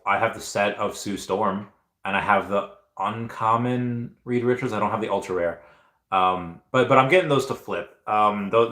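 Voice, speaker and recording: Man, low-pitched, livestream host, rambling and chatty, reading comments, echoey room. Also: bright, forceful tone. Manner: rambling and enthusiastic, with many fillers and restarts. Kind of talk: casual livestream chat reading viewer comments. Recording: roomy echo.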